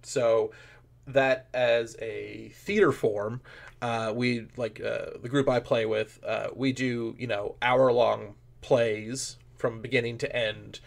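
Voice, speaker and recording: A man of middle pitch talks as a comedy-improv guest on a podcast. He rambles, restarts his sentences and fills pauses with "uh" and "like". He is animated and laughs easily. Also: gravelly. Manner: rambling with many fillers and restarts. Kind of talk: casual podcast interview.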